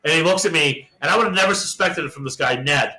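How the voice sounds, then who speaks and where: Casting: young adult male co-host, a bit high and very bright, profane, animated storyteller. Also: fast, rough recording. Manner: profane, animated storyteller who acts out quoted dialogue. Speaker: podcast co-host. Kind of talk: casual storytelling chat.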